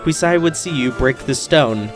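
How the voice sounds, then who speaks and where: Brief: a man reading out a slow, ponderous stone-statue man from a game, mid-pitched, third-person speech. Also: over music, natural voice. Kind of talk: reading game dialogue aloud.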